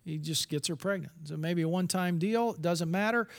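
High-voiced man preaching a confessional sermon. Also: moderate pace, gravelly. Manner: candid, confessional, with restarts and asides.

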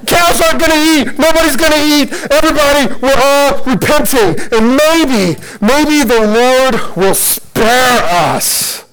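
Guy putting on a freaked-out king yelling orders, way high and frantic. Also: poor audio. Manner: frantic, rushed proclamations. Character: panicking ancient king, frantic and bossy.

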